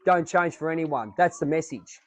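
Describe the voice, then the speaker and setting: A man's voice: a little high, moderate pace, no echo, low-quality recording. A man with an Australian accent hosting a podcast in a chatty, jokey way, rambling with fillers. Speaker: podcast host. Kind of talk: casual chat.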